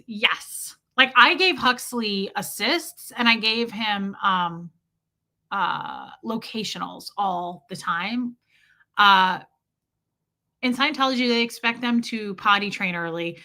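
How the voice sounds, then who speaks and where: A woman in her forties talks straight to her stream chat, blunt and unfiltered as she tells stories and reads out comments. Her voice is bright and sharp, and it sits a touch high. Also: expressive, measured pace. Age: 40s. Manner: frank, blunt storytelling with quoted voices. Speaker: live streamer. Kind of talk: casual livestream chat reading comments.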